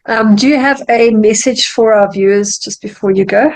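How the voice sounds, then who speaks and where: A woman's voice: mid-range voice, moderate pace, a little mellow, poor audio. Affirming woman hosting an interview. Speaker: interview host. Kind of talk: casual interview chat.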